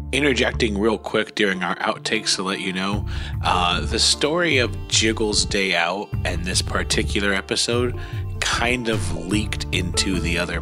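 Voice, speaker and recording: A man hosting a podcast, telling stories in casual chat, swearing and laughing often. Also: low-pitched. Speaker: podcast host.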